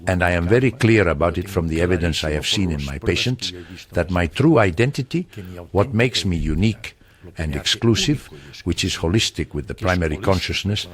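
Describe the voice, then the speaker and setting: An older man from Spain, a retired surgeon, answering interview questions in a calm, earnest, reassuring way. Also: low-pitched, a little fast.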